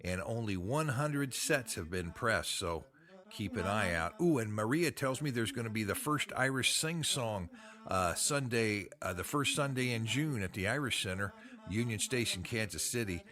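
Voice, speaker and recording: A man's voice: on the low side, animated, normal speed, a bit bright. An American man hosting a podcast, chatting in a folksy, upbeat way. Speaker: podcast host. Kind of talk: casual podcast chat.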